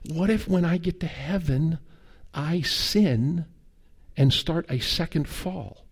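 A man's voice: on the high side, slow pace, husky, pitched above the performer's own voice, heavily acted. A man voicing his worried eight-year-old daughter in a slightly raised, earnest tone.

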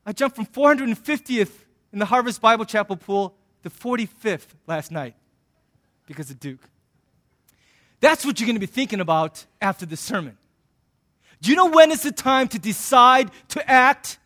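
High-voiced pastor preaching with humor. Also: male voice, expressive, normal speed, bright, forceful tone. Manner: conversational and joking, acting out little scenes. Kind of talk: sermon.

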